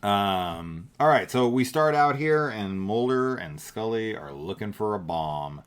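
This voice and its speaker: A man's voice: on the low side, expressive, measured pace, clear, resonant tone. A middle-aged man co-hosting a casual movie review chat, rambling and thinking aloud with many fillers. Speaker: podcast co-host.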